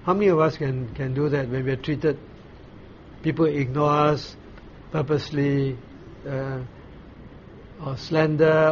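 Pastor, male, higher-pitched voice, unhurried teaching sermon, muffled recording with faint noise. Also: darkish tone. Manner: explains slowly, pauses often with "uh", asks the listeners questions.

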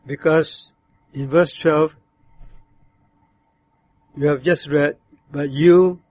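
A man preaching a sermon, explaining a verse in a measured way and sometimes voicing other tones to show its meaning. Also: on the high side, little pitch movement. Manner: measured, explanatory, acts out bitter and demanding tones when quoting. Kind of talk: sermon on a psalm.

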